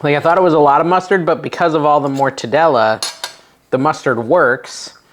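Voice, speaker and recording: A middle-aged man hosting a casual home cooking vlog, chatty and nervous, with a self-deprecating manner and sudden excited yelps. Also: on the high side, fairly quick, slight background noise. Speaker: cooking channel host. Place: home kitchen.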